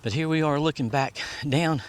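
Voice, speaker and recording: Outdoors at a historic site on a hot day, a man with a fairly high, clear, resonant voice speaks at normal speed. He's a vlogger and tour guide offering casual, rambling commentary as he walks, reading signs aloud along the way.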